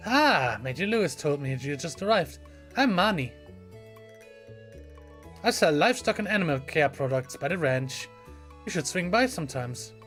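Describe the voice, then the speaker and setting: A man putting on a friendly middle-aged woman rancher from a farming game, warm and welcoming. Her voice rides high and a touch loud, with faint game music in the back. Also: very animated, normal speed, long pauses.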